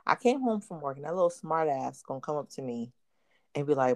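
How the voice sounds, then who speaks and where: A podcast co-host with a low voice and fairly quick delivery tells stories in a casual chat. She's an animated storyteller who acts out quotes and laughs often.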